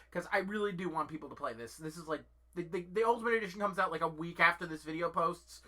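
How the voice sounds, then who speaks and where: A woman's voice: fairly low pitch, fast talker, fairly bright tone. A woman hosting her own channel, rambling casually about a game she loves, swearing freely and restarting sentences often. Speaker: channel host.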